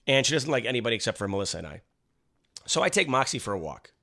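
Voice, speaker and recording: Male podcast co-host, casual chat, bright and lively delivery, swears often. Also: medium pitch, racing. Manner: animated storyteller, swears freely.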